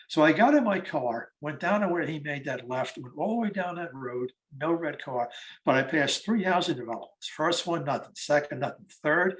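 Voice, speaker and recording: A man of eighty telling stories about the war veterans he interviewed, acting out the conversations. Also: medium pitch. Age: 80s. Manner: animated storyteller acting out conversations. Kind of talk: storytelling talk.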